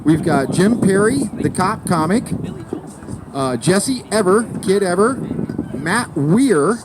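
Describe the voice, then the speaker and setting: A man's voice: high-pitched, lively intonation, slow, very noisy. A man hosting an outdoor comedy show in a park, rambling and joking as he introduces the comedians. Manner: rambling, joking, stumbles over names. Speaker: show host. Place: outdoors in a city park under a tree.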